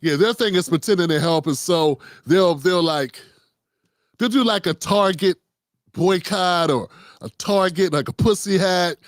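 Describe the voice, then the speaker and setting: A man's voice: high-pitched, measured pace, no echo, studio quality. A man hosting a political commentary show, talking off the cuff in a blunt, profane, rambling way with lots of restarts.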